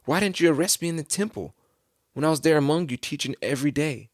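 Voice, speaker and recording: A man's voice: on the low side, normal speed, no echo, studio quality, lightly acted. A man reading Jesus, solemn and grave. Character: Jesus, solemn grown man teaching his followers.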